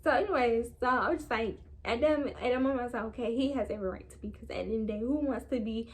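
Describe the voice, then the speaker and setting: Young woman, animated storytelling, slangy, direct to viewers, slightly high voice. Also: very fast. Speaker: vlogger. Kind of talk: storytime vlog.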